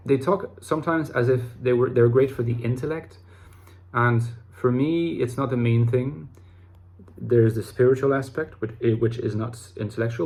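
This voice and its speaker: This man's voice is mid-range and a little mellow. Hosting a YouTube channel on personality types, he chats to camera in a loose, reflective way, with restarted phrases and fillers.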